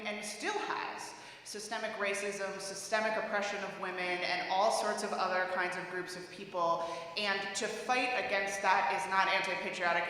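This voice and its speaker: A woman speaking on a discussion panel in a measured, earnest way, with frequent "um" and "uh" fillers. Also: mid-range voice, pushed and bright, a little hiss or hum. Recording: echoey hall with long reverb.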